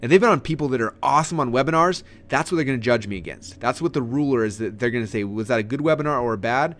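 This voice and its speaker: Fast-talking energetic man teaching. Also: a little hiss or hum. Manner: energetic, animated, swings pitch up and down; many fillers and repeated words. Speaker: webinar trainer. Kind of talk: casual teaching talk.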